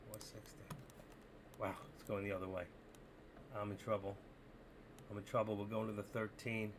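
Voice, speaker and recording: Gravelly man day-trading live on stream. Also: on the low side, noisy background. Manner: talks to himself, swinging between excitement and frustration. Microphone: desk mic through streaming software.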